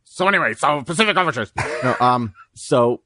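Animated man telling stories casually. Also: mid-range voice, a little fast, no room sound. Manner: animated storytelling, acts out quoted voices. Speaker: podcast co-host. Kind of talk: casual chat.

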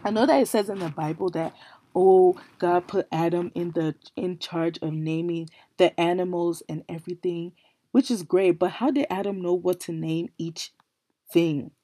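Chatty woman podcaster, warm low voice. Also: moderate pace, no room sound. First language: not English. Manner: rambling, incredulous questioning with fillers. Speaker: podcast host. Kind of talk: casual solo podcast musing.

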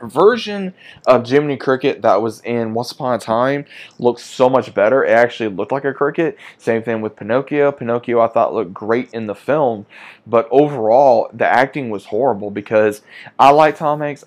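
A man talking straight to his viewers in a casual movie review. He is blunt and fed up, and he keeps circling back to the same complaints. His voice sits at an ordinary middle pitch. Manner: frustrated, blunt, repetitive complaints.

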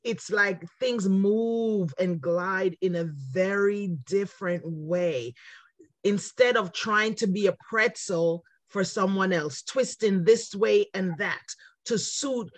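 Woman, podcast host, reflective, emphatic, mid pitch, dry close mic. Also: takes it slowly, no echo. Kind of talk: conversational podcast talk.

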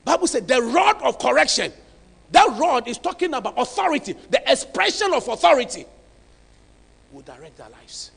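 Man, pastor, very high voice, lively and dramatic preaching. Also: moderate pace, gravelly, husky, long reverb tail. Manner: emphatic, dramatic, swinging from hushed to shouting. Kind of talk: sermon.

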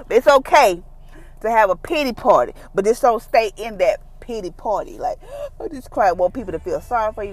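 A woman giving a casual daily devotion, talking in a relaxed, down-to-earth way and acting out the voices she quotes. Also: mid-range voice. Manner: conversational, acts out quoted voices; informal, down-to-earth phrasing. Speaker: devotional speaker.

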